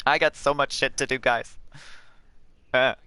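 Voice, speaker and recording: A man's voice: medium pitch, steady tone, a little slow, pushed and bright, clean tone, dry recording. A man chatting casually as he plays a video game on stream, talkative and swearing freely. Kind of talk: casual gameplay commentary.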